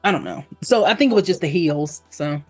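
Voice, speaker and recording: A woman hosting a casual podcast chat. She talks animatedly and slips into playful character voices with sudden pitch leaps. Faint music sits quietly behind her. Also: brisk, slightly rough. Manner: animated, acts out characters with big pitch jumps. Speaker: podcast host.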